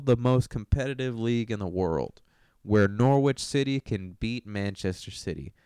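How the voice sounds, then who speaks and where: A man's voice: medium pitch, normal speed, darkish tone, clear, resonant tone, dry recording, studio quality. A young man hosting a casual sports monologue, brash and profane, joking as he runs through results. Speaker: host.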